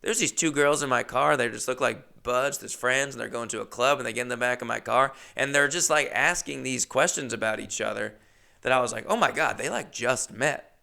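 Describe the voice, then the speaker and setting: A young man hosting his own show, telling comic stories in an animated, chatty, jokey way. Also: medium pitch, fairly quick, gravelly, clean tone. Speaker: comedian host. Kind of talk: comedic storytelling monologue.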